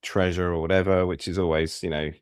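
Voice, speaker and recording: A man with a very deep voice talks in a relaxed, easygoing way, filling in with frequent agreement. The recording is dry with no room sound. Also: fairly quick, clear, resonant tone, no room sound. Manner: easygoing, says "yeah" a lot. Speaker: podcast co-host. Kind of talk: casual film discussion.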